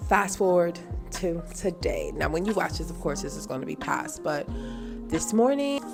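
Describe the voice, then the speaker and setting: A woman telling an animated, faith-filled story to her viewers in casual chat. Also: lowish voice, moderate pace, vocal fry. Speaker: vlogger. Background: music.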